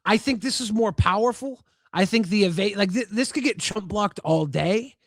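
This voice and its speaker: Male podcast co-host: high, gravelly, bouncy delivery, playful and laugh-prone, trips over his words. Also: normal speed, no room sound, clean studio sound. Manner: playful, laughs often, stumbles and repeats words. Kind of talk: casual card-game chat.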